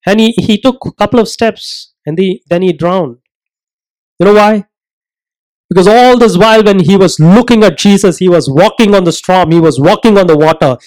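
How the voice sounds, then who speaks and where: A man preaching a sermon, earnest and emphatic, asking rhetorical questions and slowing down to stress his points. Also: high voice, darkish tone, low-quality recording.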